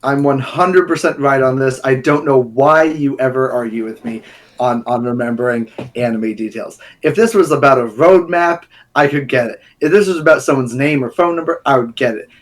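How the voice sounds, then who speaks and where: A man's voice: mid-range voice, moderate pace. A young man in casual podcast chat, cocky and insistent, teasing his co-host while they argue.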